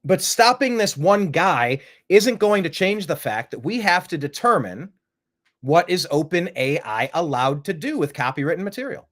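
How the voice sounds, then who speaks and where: Male show host, fairly high voice, rambling, emphatic and opinionated, full of rhetorical questions. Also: big pitch swings, moderate pace, fairly bright tone. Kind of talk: opinionated live-stream commentary.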